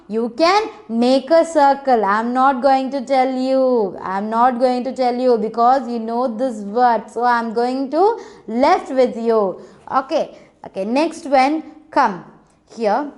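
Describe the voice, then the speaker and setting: A woman teaching a children's phonics lesson, coaxing and repeating sounds for the kids to echo. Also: fairly high pitch.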